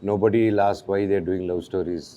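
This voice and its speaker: Indian guy talking super fast, lowish voice, hops between english and telugu, faint hiss behind. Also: fairly even intonation, muffled recording. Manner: fast storyteller, switches between English and Telugu mid-sentence. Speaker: actor guest. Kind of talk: casual interview chat.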